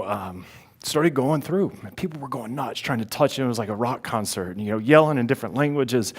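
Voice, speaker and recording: Animated storytelling man from Louisiana. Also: medium pitch. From South Louisiana. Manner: animated, conversational, acts out his own reactions. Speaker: speaker at a Catholic Advent mission. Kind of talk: storytelling talk.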